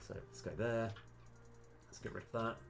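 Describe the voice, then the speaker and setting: Give me a man with a fairly low voice commentating his game stream, thinking aloud and getting excited, with soft music in the background. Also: normal speed, vocal fry. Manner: thinking aloud, many fillers, bursts of excitement. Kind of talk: live-stream commentary while playing and mapping a game.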